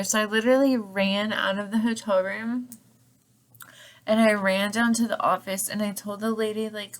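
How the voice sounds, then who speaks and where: A woman's voice: mid-range voice, normal speed. A young woman rambling through a personal story, packed with "like", swearing freely and sometimes dropping almost to a whisper. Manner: rambling, lots of "like", swears freely, drops to near-whispers at times. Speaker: channel host telling a story. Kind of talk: casual storytelling vlog.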